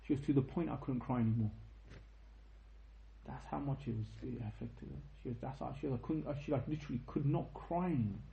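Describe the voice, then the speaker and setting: A young man giving an informal religious lecture, telling a story with lively asides and checking questions to his listeners. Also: medium pitch, quick pace, creaky, reverberant, dull audio. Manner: animated storytelling, tag questions, quotes in Arabic. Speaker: teacher of a history lesson.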